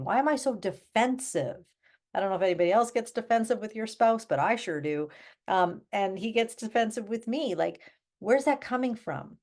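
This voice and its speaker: A middle-aged woman coaching her listeners through her own podcast. She speaks in an earnest, candid, conversational way, full of fillers and quick restarts, at an ordinary middle pitch. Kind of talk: solo podcast talk.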